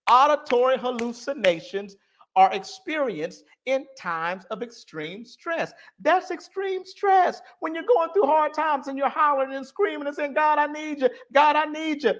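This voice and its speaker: A man hosting a casual livestream, talking to his chat in an animated, repetitive way. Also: very high voice, slight background noise. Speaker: livestream host.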